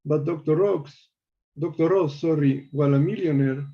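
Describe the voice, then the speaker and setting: A man calling into a show, reading measured prepared commentary with small slips. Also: fairly high pitch, vocal fry, lo-fi sound. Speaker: caller.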